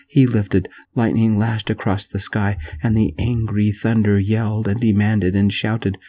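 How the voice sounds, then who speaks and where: A man telling a story in a gentle, soft-spoken reading voice. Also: fairly low pitch.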